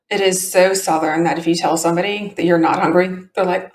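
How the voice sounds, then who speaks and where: A woman's voice: on the low side, fairly even intonation, a little fast, hardly any pauses. A woman hosting a show, reading a court transcript aloud and adding chatty, explanatory asides, with a tinny, echoey sound. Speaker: podcast host and reader. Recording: tinny echoey home recording.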